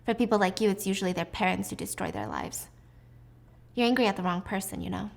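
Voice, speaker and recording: A woman's voice: medium pitch, very animated, fast, gravelly. A woman playing a scornful rich mother. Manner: pushy, scornful, impatient. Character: wealthy arrogant mother around forty.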